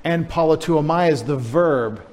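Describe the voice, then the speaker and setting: A man's voice: fairly high pitch, unhurried, darkish tone, long reverb tail. A male pastor teaching a sermon in a casual, joking way, spelling out Greek words for the congregation. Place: church sanctuary.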